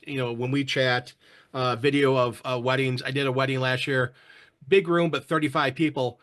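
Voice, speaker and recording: A man with a fairly high pitch and fairly bright tone runs a casual online roundtable. Chatting away, he welcomes people from the chat and reads out what they write.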